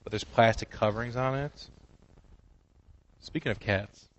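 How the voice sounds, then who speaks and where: A man's voice: medium pitch, measured pace, muffled recording, very noisy. A man co-hosting a comedy podcast, rambling and joking with frequent restarts. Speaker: podcast co-host. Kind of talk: casual comedy chat.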